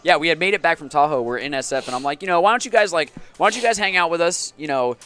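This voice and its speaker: A man's voice: on the high side, rapid-fire, soft background music. A young man hosting a casual chat show, telling a story with lots of energy and acted-out quotes, sounding a bit sick. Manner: animated storyteller, shouts and laughs through quotes. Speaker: show host.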